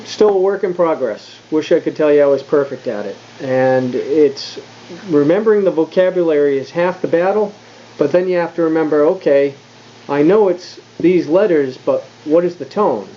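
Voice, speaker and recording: A man talking casually through a vlog lesson, thinking aloud with fillers and restarts, and slowing right down when he demonstrates tones. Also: a little high, expressive, mellow, highs cut off, a little hiss or hum. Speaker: language learner explaining Mandarin tones.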